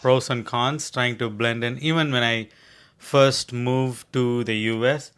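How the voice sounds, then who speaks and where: A man's voice: mid-range voice, fairly even intonation, a little slow, fairly bright tone, smooth. A man from India with an Indian accent, co-hosting a podcast and speaking in an earnest, emphatic way. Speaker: podcast co-host. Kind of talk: casual conversation.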